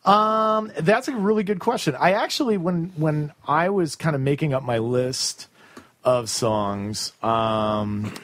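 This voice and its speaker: A man's voice: a little high, takes it slowly, fairly bright tone, dry recording. A man hosting a podcast, chatting casually and rambling with many fillers and restarts. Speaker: podcast host. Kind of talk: casual chat.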